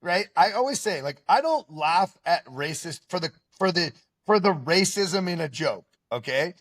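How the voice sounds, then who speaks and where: A man hosting a podcast in casual, animated chat, often stopping to add "okay?" to drive his point home. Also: fairly high pitch, normal speed. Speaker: podcast host.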